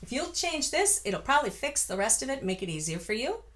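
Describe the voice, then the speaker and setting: A woman vocal coach with a high, bright voice talks a student through a song. Her speech swings widely in pitch, chatty and encouraging, and she breaks into full-voiced singing to demonstrate. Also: very animated, fairly quick. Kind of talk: singing lesson with sung demonstrations.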